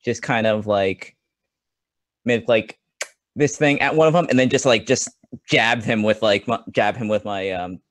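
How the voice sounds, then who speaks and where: A man's voice: lowish voice, a little slow, no room sound. A man playing a tabletop game over an online voice call, rambling with lots of "like" and "um". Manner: rambling, full of "like" and "um". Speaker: player. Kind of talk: casual tabletop game play.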